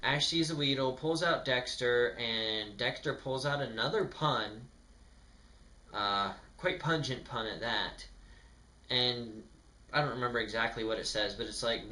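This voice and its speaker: A man's voice: medium pitch, measured pace, pushed and bright. A young man casually reviewing a cartoon episode, rambling and sarcastic, with lots of filler words. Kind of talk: casual commentary.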